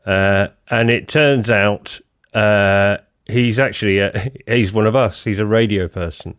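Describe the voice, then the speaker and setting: A man hosting a podcast in casual chat, lively and jumping up in pitch to make a point. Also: a little slow, clear, resonant tone, dry recording, studio quality. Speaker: podcast host.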